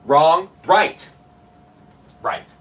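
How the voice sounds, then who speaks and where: A man's voice: fairly high pitch, very slow, a bit bright, far from the mic. A young man streaming live, ranting to his chat in a casual, incredulous way and laughing as he goes.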